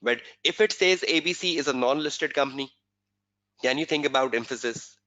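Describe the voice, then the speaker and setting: A man's voice: medium pitch, moderate pace, sharp tone. A male exam tutor giving a webinar lecture, repeating key points and quizzing students with rhetorical questions. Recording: dull lo-fi webinar audio.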